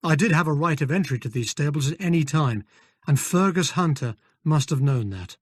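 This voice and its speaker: Male audiobook narrator, measured first-person telling, fairly high voice, dry booth sound. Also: lively intonation, slightly rough, no room sound. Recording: dry close studio recording.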